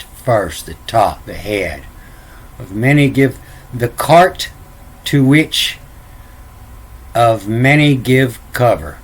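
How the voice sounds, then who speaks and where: A man explaining ancient letters off the cuff, halting and repeating words, spelling out letters one at a time. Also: mid-range voice, expressive. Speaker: self-taught lecturer.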